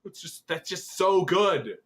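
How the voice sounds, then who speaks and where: A man hosting a political commentary show, reading an article aloud and reacting to it in an animated, swearing, exasperated way. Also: sits high, slow pace. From Canada.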